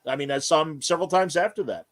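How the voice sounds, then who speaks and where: A man's voice: on the high side, fast. A man hosting a casual interview podcast, telling long rambling anecdotes full of fillers. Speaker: podcast host.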